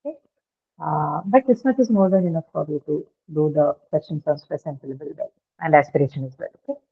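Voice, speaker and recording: A woman's voice: sits low, husky. Woman teacher over a tinny line. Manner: halting, many filler sounds, patient and checking in. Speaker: English teacher. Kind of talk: live online class on pronunciation. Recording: narrow phone-like online class audio.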